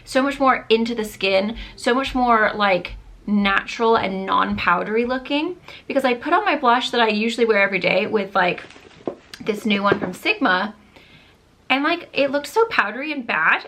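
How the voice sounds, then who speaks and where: A chatty young woman talking through her favorite makeup in a relaxed, gushing way. She fills her sentences with "like" and "um", and her voice sounds a bit worn from losing it. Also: a little high, moderate pace. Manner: chatty, gushing, many fillers like "like" and "um". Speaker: beauty vlogger. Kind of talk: casual makeup review chat.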